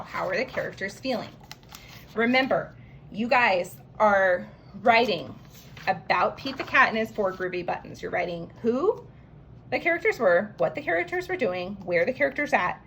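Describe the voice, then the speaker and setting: A woman teaching a writing lesson to young children, slowly sounding out each word letter by letter. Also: medium pitch, fairly bright tone, slight background noise. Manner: slow, stretched phonics sounding-out. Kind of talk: early-grade writing lesson, sounding out words.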